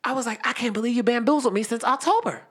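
A woman's voice: fairly high pitch, quick pace, breathy edge. A woman in her twenties telling a story in a casual chat, acting out the quoted lines as she goes. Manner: animated, acts out quoted lines, laughs while telling.

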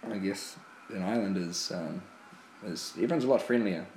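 A man co-hosts a casual podcast chat, rambling through a story with many ums. His voice sits low. It comes from an echoey room with a faint hiss behind it. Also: moderate pace, darkish tone. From New Zealand. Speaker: podcast co-host.

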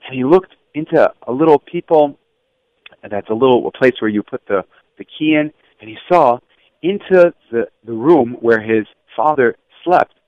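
A man teaching schoolchildren through stories, lively and acting out the voices of people in them. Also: normal speed, dry recording. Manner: animated, acts out quoted voices with raised pitch. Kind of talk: storytelling lesson. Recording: dull lo-fi, dry.

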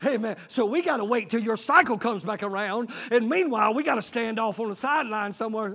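High-voiced pastor preaching with fiery shouts. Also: male voice, brisk, creaky, few pauses. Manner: preaching with bursts of shouting and laughter, calling out to the congregation. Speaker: lead pastor. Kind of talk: sermon.

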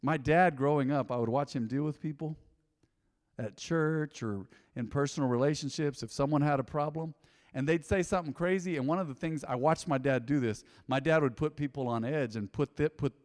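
Pastor preaching, kinda high voice, gets loud then goes quiet, church echo. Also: male voice, a little fast. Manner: animated preaching, swinging from loud to hushed asides. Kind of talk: sermon. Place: church hall.

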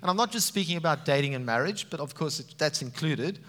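A man preaching a sermon, animated and emphatic, with frequent rises for emphasis. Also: fairly high pitch, fast talker. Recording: reverberant hall sound.

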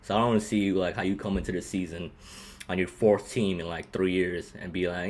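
Male podcast co-host, husky and fairly low, rambling casual sports talk. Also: brisk. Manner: rambling, animated, laughs often, repeats "you know what I mean".

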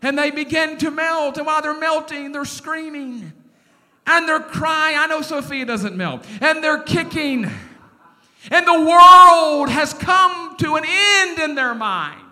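A middle-aged man preaches with a very high, bright, cutting voice. He delivers an animated sermon and draws the congregation into call-and-response. His voice carries a long reverb from a large church hall. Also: slow pace. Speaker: pastor.

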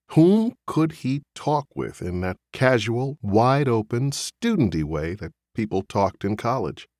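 Slow, expressive male audiobook narrator. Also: on the low side, no echo, studio quality. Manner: measured, expressive storytelling. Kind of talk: scripted literary narration.

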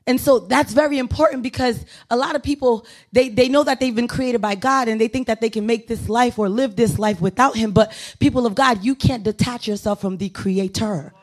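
A woman's voice: a little high, a little fast, few pauses. A woman pastor giving a sermon in a conversational, self-deprecating way, moving into urgent exhortation. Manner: conversational, self-deprecating preaching with playful asides.

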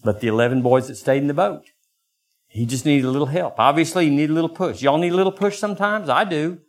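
An older man preaching a sermon as pastor, acting out quoted voices in lively bursts. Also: quick pace. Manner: animated, acts out voices with sudden high pitch jumps.

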